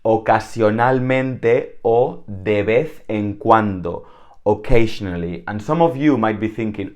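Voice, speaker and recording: A man from Spain with a Spanish accent, teaching a casual online language lesson, chatting and repeating words slowly to explain. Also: fairly low pitch.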